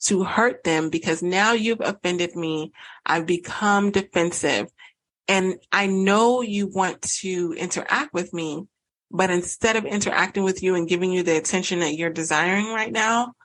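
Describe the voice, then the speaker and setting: Earnest woman podcaster, lowish voice. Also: fairly bright tone, poor audio. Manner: earnest, acts out both sides of an argument. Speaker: podcast host and relationship coach. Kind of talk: solo podcast talk.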